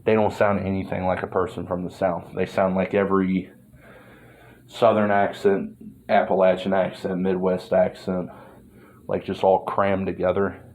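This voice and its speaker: A man's voice: deep voice, monotone, normal speed, darkish tone. A man vlogging in a meandering monologue, full of fillers and swearing. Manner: meandering, filler-heavy, profane. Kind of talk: rambling monologue.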